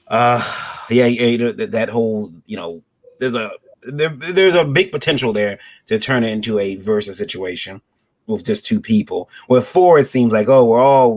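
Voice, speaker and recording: Male guest on a remote call, mid pitch, halting and full of fillers. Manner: hesitant, many fillers and restarts, laughs easily. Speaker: guest, fellow show host. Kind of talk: casual panel chat.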